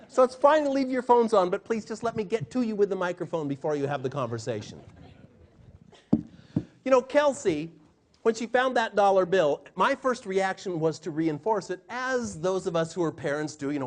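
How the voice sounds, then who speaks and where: Speaking briskly in a high-sitting voice, a middle-aged man who trains people in communication energetically addresses a live seminar audience. He voices the quotes he uses, changing his delivery for each one.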